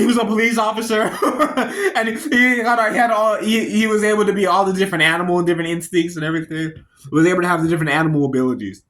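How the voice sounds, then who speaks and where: Giggly high-pitched man reviewing a film. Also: quick pace. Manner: giggly, laughs often between phrases; excitable, jumps between tangents. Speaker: movie reviewer. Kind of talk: casual rambling film review.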